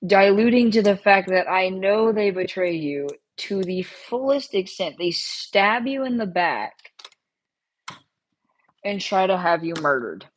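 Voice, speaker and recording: A woman's voice: mid-range voice, animated, a little slow, poor audio. A woman streamer chatting casually on a live stream, rambling and repeating herself as she talks straight to her viewers.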